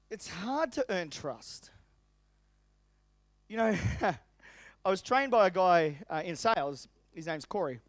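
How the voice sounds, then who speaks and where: A middle-aged man, a business coach, giving an energetic, emphatic seminar talk and addressing the audience directly. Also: sits high, dry recording. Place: seminar venue.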